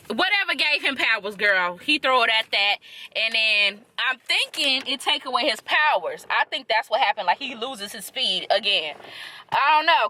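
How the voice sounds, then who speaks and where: A young woman chatting casually in a reaction vlog, animated, slangy and blunt, with playful trash talk. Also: medium pitch. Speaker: reaction vlogger. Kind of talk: casual chat.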